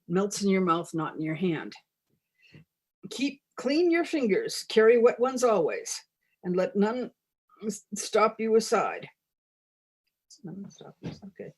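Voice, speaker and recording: A woman's voice: a little high, a little mellow, pitched above the performer's own voice. A woman reading aloud as a grandiose chocolate goddess, in a mock-solemn, scripture-like cadence. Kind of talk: reading a humorous parody text aloud.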